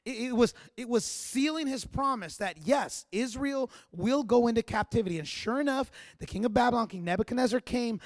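Male pastor, high-pitched, passionate sermon delivery with stammered repeats; dry, close recording. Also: no room sound. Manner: passionate preaching with loud emphatic peaks and stammered repeats.

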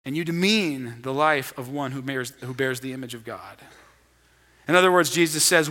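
A man's voice: medium pitch, moderate pace, pushed and bright. A male pastor preaching a sermon in a conversational way, acting out the lines he quotes. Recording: long reverb of a large hall.

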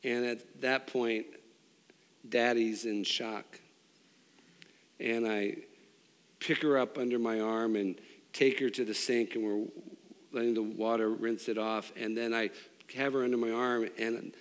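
A middle-aged man preaching a sermon, telling a personal story with restarts and swings between loud and hushed. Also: mid-range voice, flat delivery, a little slow, pauses often, smooth. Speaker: pastor. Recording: long hall reverb.

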